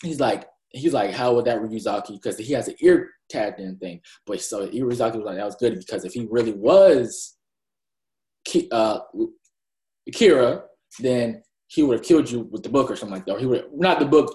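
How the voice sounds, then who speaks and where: In an echoey room, a man co-hosting a podcast rambles about an anime, retelling scenes and voicing the characters' lines. He speaks briskly at a medium pitch, expressive and mellow.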